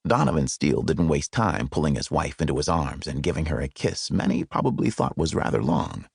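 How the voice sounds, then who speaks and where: A man narrating an audiobook with expressive, wry storytelling, recorded close in a studio. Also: a bass voice, brisk, creaky, hardly any pauses, breathy edge, no echo. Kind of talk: scripted narration. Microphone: close studio mic.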